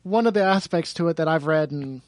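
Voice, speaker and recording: A man's voice: on the high side, brisk, no room sound. A man appearing as a podcast guest, explaining his views thoughtfully with small hesitations. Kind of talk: casual podcast chat.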